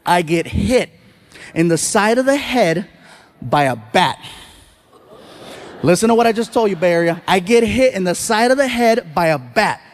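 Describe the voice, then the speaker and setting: A man doing stand-up comedy on stage, telling an animated story into a handheld mic and slipping into other voices. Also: high-pitched, moderate pace, long pauses. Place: large indoor venue on stage.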